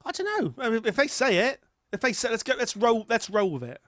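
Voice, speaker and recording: A man's voice: very high voice, sing-song, a little fast, fairly bright tone, no echo. A British man co-hosting a comedy podcast, chatting casually with dry, musing remarks and rhetorical questions. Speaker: podcast co-host.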